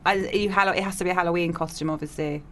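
Fast-talking woman radio co-host. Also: on the low side, fairly even intonation, fairly bright tone, slight background noise. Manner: quick, playful banter. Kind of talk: casual radio chat.

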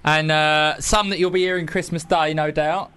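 A young man chats on air as a radio host, his voice smooth and clean. He talks loosely and teasingly, slipping in quick asides, and pitches a little above most men. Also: fairly even intonation, pushed and bright. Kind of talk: casual radio chat.

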